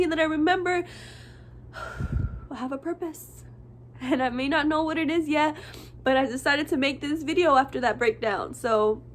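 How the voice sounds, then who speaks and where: Impassioned high-voiced woman vlogging. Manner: earnest and impassioned, casual and profane; emotional, voice wavering between soft and forceful. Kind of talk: heartfelt direct-to-camera monologue.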